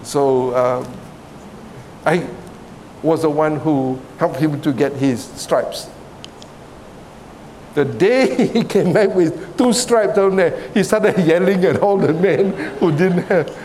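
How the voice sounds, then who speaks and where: Chatty Singaporean preacher with a higher voice. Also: male voice, slow pace, darkish tone, a little hiss or hum. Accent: Singaporean English. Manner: conversational, often asks "right?", laughs between points. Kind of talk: sermon.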